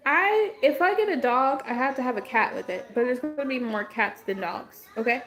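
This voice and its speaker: Talking at normal speed with hardly any pauses, this livestream host has a slightly high, somewhat bright voice. She chats casually with her audience, answering comments in real time, and her voice is giving out after a long session of talking.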